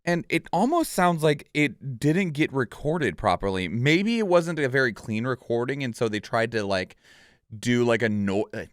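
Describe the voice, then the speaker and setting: A man casually reacting to a game trailer, excitable and rambling with lots of fillers. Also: mid-range voice, normal speed, no room sound, studio quality.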